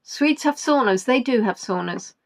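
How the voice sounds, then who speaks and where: A woman's voice: a little high, lively intonation, moderate pace. A woman hosting a live-streamed quiz from home, rambling playfully, reading out viewers' answers and making joking asides.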